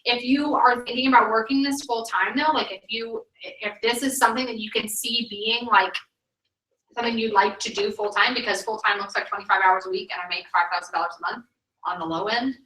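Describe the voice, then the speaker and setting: A woman's voice: a little high, fairly even intonation, a little fast, bright, forceful tone. A woman in her thirties, a sales director, giving an emphatic, chatty training talk full of "like.". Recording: echoey room, mic at a distance.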